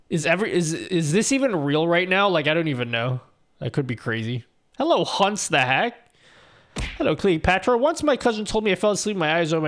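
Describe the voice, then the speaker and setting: A young male streamer with a slightly higher voice than most men chats loosely with his viewers. He rambles, restarts his sentences, laughs often and swears casually. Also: a bit bright. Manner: laid-back and profane, rambling with restarts and laughs. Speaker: live streamer. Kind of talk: casual live-stream chat, reading chat aloud.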